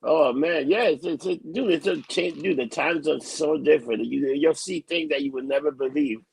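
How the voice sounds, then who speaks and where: A man's voice: a little high, normal speed, gravelly, breathy edge, low-quality recording. A man co-hosting a podcast in crude casual chat, rambling, repeating himself and saying "dude" often. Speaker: podcast co-host.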